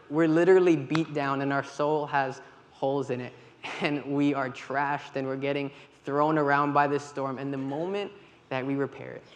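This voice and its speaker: A man giving a church talk, telling lively stories with quoted dialogue. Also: mid-range voice, a little hiss or hum. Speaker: volunteer leader with kids. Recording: long hall reverb, faint ambience.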